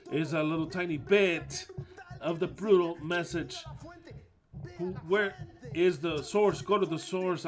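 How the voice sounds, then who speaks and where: A man preaching in a fiery, mocking rant, swearing often and swinging between low mutters and loud outbursts.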